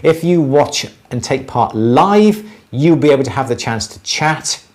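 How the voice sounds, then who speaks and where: A man's voice: mid-range voice, lively intonation, unhurried, darkish tone. A man co-hosting a jewellery livestream, chatting in a loose, rambling way and often repeating himself. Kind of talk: casual livestream chat.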